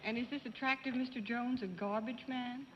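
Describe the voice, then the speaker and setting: Poised female panelist, fairly high-pitched, working through careful questions in a dull, echoing old broadcast. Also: fairly even intonation, fairly quick, very noisy. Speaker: game show panelist. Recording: dull, reverberant 1950s TV studio broadcast.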